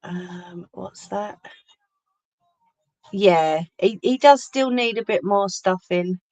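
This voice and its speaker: A woman's voice: mid-range voice, takes it slowly, a little mellow, muffled recording. A woman hosting a casual crafting livestream from home, chatting and answering viewer comments as she works. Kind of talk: casual live chat while crafting. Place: home craft room, indoors. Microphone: phone or webcam on a livestream.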